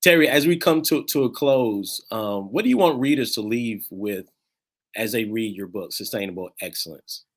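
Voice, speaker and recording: A man's voice: lowish voice, normal speed. A man hosting a podcast interview, affirming his guest and signing off in a folksy manner. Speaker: podcast host.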